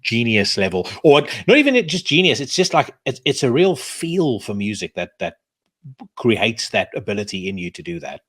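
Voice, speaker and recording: A man's voice: medium pitch, sing-song, normal speed, a bit bright, no room sound, studio quality. A man hosting a podcast interview, chatting casually and at length, with frequent restarts and swearing. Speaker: podcast host.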